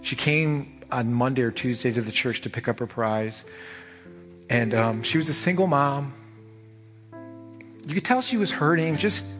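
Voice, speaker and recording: A man preaching to his church in a long, ringing hall, with quiet guitar music playing under his voice. He tells stories with lively energy and repeats his key phrases for emphasis. His voice sits at an ordinary middle pitch. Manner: animated storytelling, rising high when excited. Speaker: pastor. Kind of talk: sermon. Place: church sanctuary. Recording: long church reverb with soft music behind.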